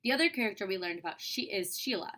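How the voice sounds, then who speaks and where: Bright-voiced chatty young woman teacher. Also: mid-range voice, lively intonation, fast. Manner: casual, chatty, lots of "like" and "um". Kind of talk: reading aloud and explaining a lesson.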